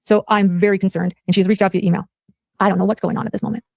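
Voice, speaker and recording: A speaker in a played clip races through a prepared statement in a defensive tone, with a gravelly rasp of fry in the voice. The sound is dry and close, with no room echo. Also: medium pitch, little pitch movement. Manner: rapid, defensive, reading from a script.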